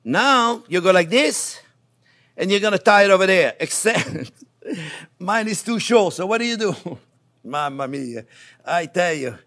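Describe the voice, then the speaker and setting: A man's voice: sits high, moderate pace. An older man, a chef giving a chatty cooking demonstration in a kitchen, joking and laughing as he teaches. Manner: animated, chatty, jokes and laughs while teaching.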